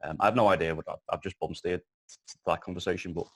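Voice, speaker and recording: A man's voice: deep voice, fairly even intonation, fast talker. A man in his thirties with a Liverpool accent, chatting casually as an interview guest, rambling with lots of restarts and the odd swear. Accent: Liverpool (Scouse). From Liverpool, England. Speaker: guest, filmmaker.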